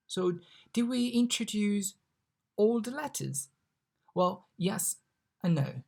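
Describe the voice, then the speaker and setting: A language mentor giving a recorded online lesson, patiently repeating each example word slowly. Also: mid-range voice, vocal fry, a little mellow, breathy edge.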